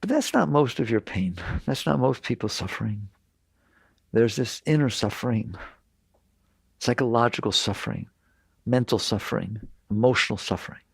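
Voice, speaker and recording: Older male spiritual teacher, gravelly voice, insistent and direct, close dry sound. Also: medium pitch, expressive, moderate pace, dry recording. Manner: direct, insistent, repeats points. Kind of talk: talk to an audience.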